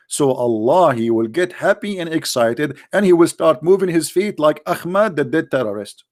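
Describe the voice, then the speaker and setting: A man delivering a solo commentary monologue with a sarcastic, emphatic manner, speaking English with non-native grammar. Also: fairly high pitch. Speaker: online debater.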